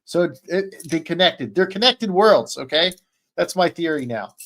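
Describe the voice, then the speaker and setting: Excitable rambling man, slightly high voice. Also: normal speed. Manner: rambling and excitable, many fillers and restarts. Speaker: podcast panelist. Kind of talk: casual chat, recapping an anime. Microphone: streaming call.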